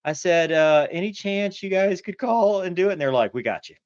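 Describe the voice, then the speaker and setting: A man's voice: sits high, expressive, fairly quick, no room sound, lo-fi sound. A middle-aged man co-hosting a podcast, telling a flying story and acting out the radio calls. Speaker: podcast co-host, former fighter pilot. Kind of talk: casual storytelling chat.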